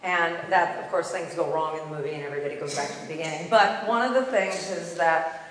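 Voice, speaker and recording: A woman's voice: fairly low pitch, a little fast, fairly bright tone, a little hiss or hum. A woman giving an earnest, emphatic sermon in a church, repeating key phrases. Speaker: congregational life staff leader. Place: church sanctuary. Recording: echoey hall, distant mic.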